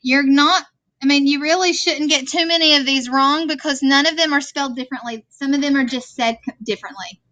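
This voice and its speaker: A woman with a high, bright, forceful voice teaches a vocabulary lesson from a classroom worksheet at a brisk, steady pace. Captured as a dry classroom screen recording, she explains words patiently and checks in with "okay?"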